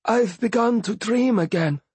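A man's voice: high voice, slow pace, slightly rough, no echo, voice pushed up, full character voice. A man voicing a cryptic seer who sounds both patient and exasperated in an audiobook.

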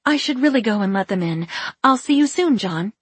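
A woman reading the part of a flustered woman who keeps up a forced airy brightness. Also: a little high, lively intonation, fairly quick, slightly rough, no room sound, voice pushed up. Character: Edith, flustered woman hiding something.

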